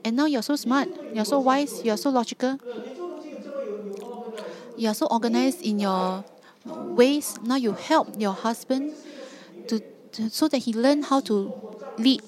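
A woman's voice: on the high side, a little slow, long pauses, a crowd in the background. Earnest woman preaching with emphatic repetition. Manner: earnest, emphatic, repeats phrases for stress. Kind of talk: sermon.

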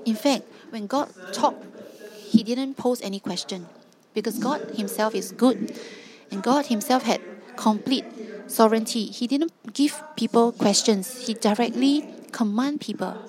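A woman's voice: fairly high pitch, unhurried, crowd noise. A woman preaching a sermon, emphatic and driving points home with repeated rhetorical questions.

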